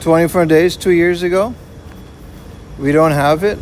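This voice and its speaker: Unhurried and leaving long pauses, a man with a slightly mellow voice on the high side streams live while walking outdoors in the city, with slight background noise. The IRL streamer carries a portable rig and chats casually, reading and answering his chat while often using "man" and "you know."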